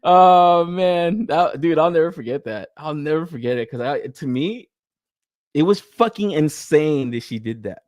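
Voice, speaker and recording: A young man chats casually as a podcast host, cursing freely and breaking into laughter. His voice leaps up and down with animated energy, and his story-telling gets excitable. The sound is close and dry with no room behind it. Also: on the high side, unhurried, no room sound. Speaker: podcast host reading live chat. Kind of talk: casual chat.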